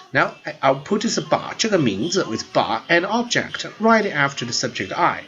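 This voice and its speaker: A man's voice: on the high side, big pitch swings, moderate pace, hardly any pauses, sharp tone. A man teaching a grammar lesson in an earnest explanatory way, often repeating words as he goes. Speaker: language teacher. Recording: dull lo-fi sound with faint background music.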